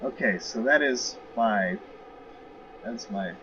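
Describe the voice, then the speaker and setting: A man's voice: fairly low pitch, takes it slowly. Rambling man narrating gameplay, lo-fi. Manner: rambling, self-correcting, joking asides. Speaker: gamer showing a space game. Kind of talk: casual gameplay commentary. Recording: dull lo-fi audio with clear noise.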